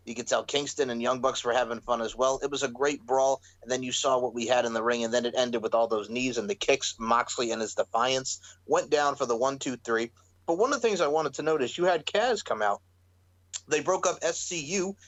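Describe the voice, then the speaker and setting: A man hosting a wrestling podcast in animated, profane, casual chat, laughing often as he talks. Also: mid-range voice, low-quality recording. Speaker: podcast host.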